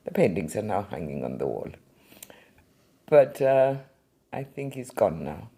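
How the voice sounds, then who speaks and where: Gravelly, animated older woman storyteller. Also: a bass voice, unhurried. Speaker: art collector and museum founder. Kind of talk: anecdotal storytelling interview.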